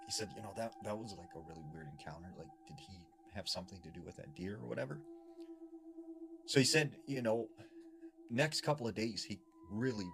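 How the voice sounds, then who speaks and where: A man with a low voice retells a spooky tale with animated, swooping intonation. He swings between loud, excited bursts and hushed passages. A steady, clearly audible hiss runs underneath. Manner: lively, dramatic retelling with swings in loudness. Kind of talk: retelling a scary story.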